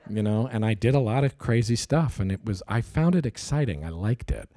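A middle-aged man casually telling an animated anecdote in an interview, acting out voices, laughing and swearing often. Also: fairly low pitch, brisk, hardly any pauses, dry recording, clean studio sound. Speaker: actor telling stories.

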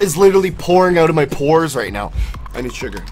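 Young man yelling over his gameplay. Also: on the high side, fast, faint music behind. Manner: profane, excitable outbursts and yelling at the game. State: out of breath. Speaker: gaming channel host. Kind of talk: live gameplay commentary.

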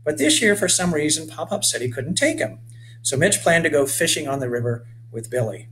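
A man reading his children's book aloud in a clear, measured storytelling manner. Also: a little high, sing-song, a bit bright, a little hiss or hum, low-quality recording.

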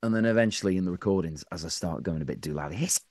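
A male voice actor guest in a casual interview, explaining in a relaxed way. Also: low-pitched, racing, no room sound.

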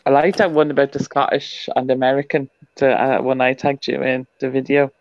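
A woman with a Dublin accent chatting casually, telling a quick story to a friend. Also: rumbling low, fairly even intonation, darkish tone, no echo, dull audio. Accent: Dublin Irish. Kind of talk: casual chat.

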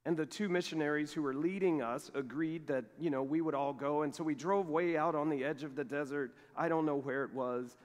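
Man preaching in a reverberant sanctuary. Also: on the high side. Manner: animated storytelling, acts out quoted dialogue. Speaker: pastor. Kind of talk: sermon with storytelling. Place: large church sanctuary. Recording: long reverb of a church sanctuary.

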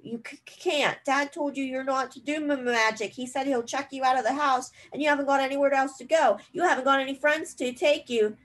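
A woman voicing a spoiled, cowardly bully boy who whines and taunts in a high, loud voice. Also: expressive, moderate pace, hardly any pauses. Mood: taunting. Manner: high wailing taunts that tip into yelling.

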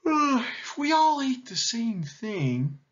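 Guy doing a wise bossy hornbill, even steady voice, kinda muffled. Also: a little high, unhurried, exaggerated voice. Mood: earnest. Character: calm wise male hornbill, a leader. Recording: dull lo-fi recording.

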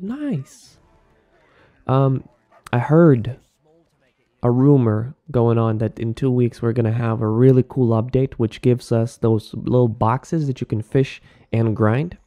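A man's voice: mid-range voice, vocal fry, warm tone, dry recording. A young man recapping his gaming session in a casual, rambling vlog, often saying "dude". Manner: rambling, laid-back, says "dude" a lot. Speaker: gaming vlogger.

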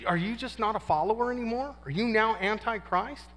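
Man in his 50s, high voice, slangy testimony talk with acted-out quotes, long hall echo. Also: brisk, a bit bright. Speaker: guest speaker at a men's conference. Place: conference hall. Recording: long reverb of a large hall.

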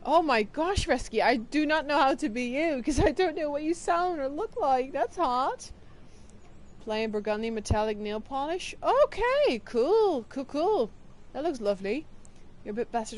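Young woman streaming a game, kinda tired, chatty, bit of a higher voice, gets loud greeting chat. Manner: chatty, greets viewers with excited bursts. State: tired, yawning. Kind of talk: casual live-stream chat.

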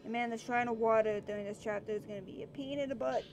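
A woman's voice: fairly high pitch, steady tone, fast talker, a little mellow, slight background noise. A woman giving casual, chatty commentary while playing a video game, sometimes calling out to the characters on screen. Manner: chatty, talks to on-screen characters, cries out in bursts. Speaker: let's play gamer.

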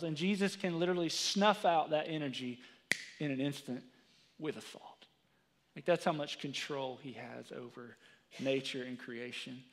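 A man preaching a sermon in a conversational way, often asking "right?" and "okay?", and going quiet when he quotes scripture. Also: on the high side. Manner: drops to a hushed tone for quoted scripture. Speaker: pastor. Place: church sanctuary. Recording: long reverb of a church sanctuary.

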